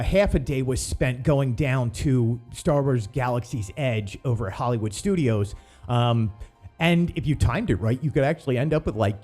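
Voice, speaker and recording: A man's voice: medium pitch, darkish tone, breathy edge. A middle-aged man hosting a theme-park news show in casual, rambling chat full of ums and uhs.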